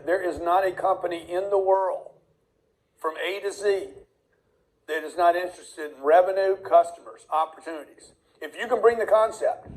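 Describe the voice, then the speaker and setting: A man's voice: sits high, a little mellow, rough recording. A man giving motivational career advice, emphatic and fond of long repeated lists. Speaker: career coach. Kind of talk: motivational talk to camera.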